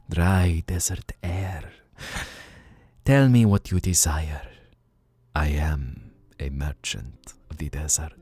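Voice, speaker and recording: A man voicing a mysterious male desert dragon merchant who tempts listeners with treasure in a slow, hushed voice. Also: deep voice, slightly rough, pitched below the performer's own voice, heavily acted.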